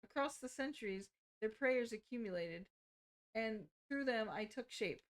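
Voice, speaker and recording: A woman reading aloud as a gentle male spirit born from prayers, calm and solemn. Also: on the high side, normal speed, lightly acted. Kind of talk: reading game dialogue aloud.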